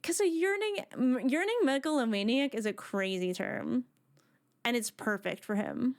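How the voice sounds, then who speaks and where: Excited woman rambling as a streamer. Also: on the high side, normal speed. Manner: excited, rambling fan talk with many restarts. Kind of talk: casual chat while playing a video game.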